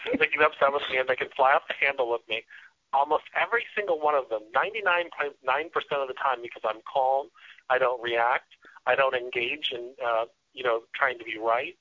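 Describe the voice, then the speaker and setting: A man talking earnestly as a radio guest, often restarting and filling pauses as he explains his ideas. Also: mid-range voice, no room sound. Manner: earnest, with frequent restarts and fillers. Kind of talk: casual interview talk. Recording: dull lo-fi radio sound.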